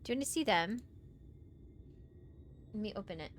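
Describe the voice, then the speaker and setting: A woman streaming a video game, chatting casually, repeating herself and breaking into excited squeals. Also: mid-range voice, normal speed. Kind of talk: casual gameplay livestream chat.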